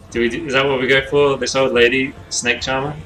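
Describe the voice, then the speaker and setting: A man's voice: mid-range voice, flat delivery, moderate pace, pushed and bright, faint music behind. A man talking casually on a live stream, rambling and thinking aloud as he designs characters, laughing often.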